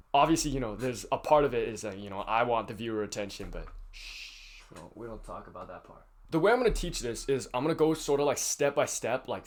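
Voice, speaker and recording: A teenage boy in high school talking straight to camera in a casual advice vlog, rambling with lots of fillers and frank swearing. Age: teens. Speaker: youtuber.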